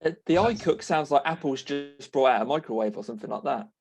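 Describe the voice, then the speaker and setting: A man's voice: medium pitch, fast talker, over music. A man hosting a casual motoring chat over a video call, easygoing and laughing a lot. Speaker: show host.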